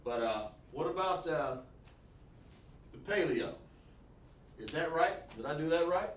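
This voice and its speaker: A man's voice: a little high, lively intonation, unhurried. Man teaching a live-streamed language lesson. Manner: repetitive, coaching, asks the chat for feedback. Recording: echoey room, distant mic, faint noise.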